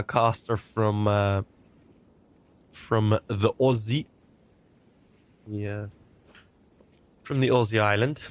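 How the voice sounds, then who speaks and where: A man casting a competitive shooter match live, giving animated play-by-play commentary that drifts into chatty tangents. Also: mid-range voice. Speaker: esports caster. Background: faint game gunfire.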